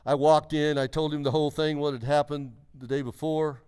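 A man in his sixties gives a sermon testimony in church, his voice on the high side, smooth and darkish in tone, fairly flat in pitch and a little fast. He tells his story earnestly and emphatically, often restarting sentences.

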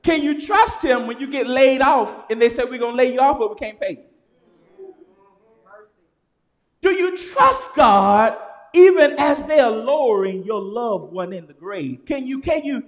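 A man preaching a sermon in a church, swinging from shouted lines to low, quiet ones. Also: lively intonation, unhurried. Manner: chanting, rising to shouts then dropping low. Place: church sanctuary.

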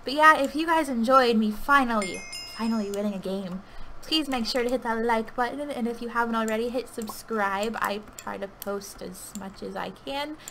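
A woman giving anxious, pleading live commentary on her own gameplay, with sudden loud outbursts. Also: on the high side, moderate pace, a little hiss or hum, rough recording. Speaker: gaming video creator. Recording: keyboard clicking audible behind voice.

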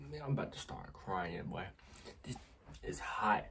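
A man's voice: sits low, sing-song, a little slow, vocal fry, long pauses, slight background noise. A man vlogging casually to his viewers on a phone camera, exclaiming often and talking straight to them.

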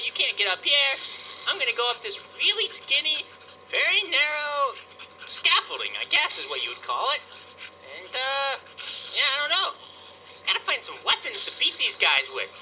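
Bubbly bright-voiced woman gaming host. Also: high voice, a little hiss or hum, rough recording. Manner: bubbly, jokey, talks back to the game. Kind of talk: casual let's-play commentary.

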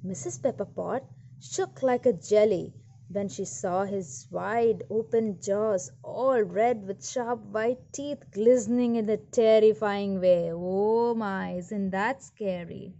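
A woman reading a story aloud to children, animated and stopping to ask questions. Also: medium pitch, slow pace, highs cut off. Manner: animated, asks listeners questions.

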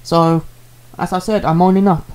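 A man's voice: high-pitched, little pitch movement, moderate pace, clear, resonant tone. A man, a streamer talking casually and earnestly, rambling and repeating himself with many fillers as he apologizes to a viewer.

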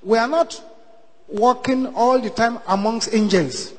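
A man as a pastor leading a loud prayer sermon in a church service, shouting commands and speaking in tongues. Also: very high-pitched, measured pace, a little hiss or hum.

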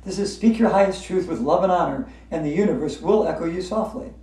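A woman's voice: lowish voice, fairly quick, dark tone. A woman teaching a yoga class, upbeat, chanting repeated breathing cues and breaking into laughter. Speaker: yoga instructor. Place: hotel room. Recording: echoey room, voice from far off.

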